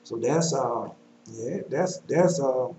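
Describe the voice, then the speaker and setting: A man preaching a sermon, reading scripture aloud in a measured cadence and breaking off into loose talk with fillers. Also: medium pitch, roomy sound, noisy background.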